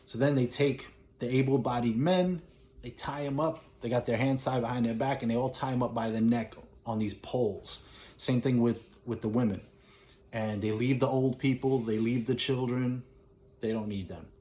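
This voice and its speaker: A man at an ordinary middle pitch talks through a film's story in a loose, conversational way. He circles back, restarts phrases and leans on fillers as he narrates. The tone is relaxed and chatty. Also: moderate pace. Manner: rambling, lots of fillers and restarts. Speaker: movie reviewer. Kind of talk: casual movie recap.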